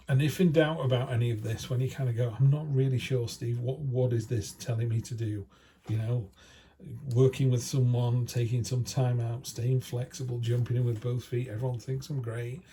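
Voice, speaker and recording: A man's voice: medium pitch, creaky, mellow, slight background noise. A man with a British accent giving a chatty, down-to-earth weekly tarot reading to his viewers. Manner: chatty, down-to-earth, slangy asides. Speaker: tarot reader.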